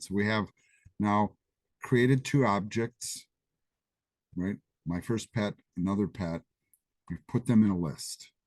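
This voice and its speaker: A man's voice: sits low, darkish tone, husky, no room sound. A man teaching a live programming class, chatty and casual with asides. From Greece. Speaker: programming instructor. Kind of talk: live class lecture with coding demo. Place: classroom or office during live session.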